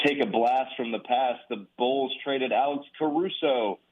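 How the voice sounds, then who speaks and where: Brief: man, sports talk co-host, calm stats talk, tinny lo-fi sound. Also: mid-range voice. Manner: measured, explanatory, stats-driven. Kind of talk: sports talk radio analysis. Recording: tinny phone-like line.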